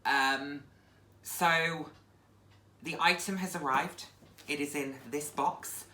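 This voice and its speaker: A woman talks casually to her camera, reflective and chatty, with frequent ums. Her voice sits very low for a woman yet sounds bright and forward. The room around her gives a noticeable echo. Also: fairly even intonation, slow, a little hiss or hum. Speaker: vlogger. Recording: roomy echo.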